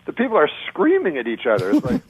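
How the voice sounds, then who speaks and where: Halting deadpan comedian, lively pitch. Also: male voice, slightly rough, dry recording, rough recording. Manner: deadpan, halting with many uh pauses. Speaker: stand-up comedian. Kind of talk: casual chat between comedians.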